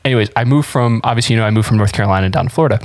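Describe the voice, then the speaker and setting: A man's voice: lowish voice, very fast, no room sound. Podcast host, male, chatty, rambling, restarts a lot; dry, close sound. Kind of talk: casual conversational podcast.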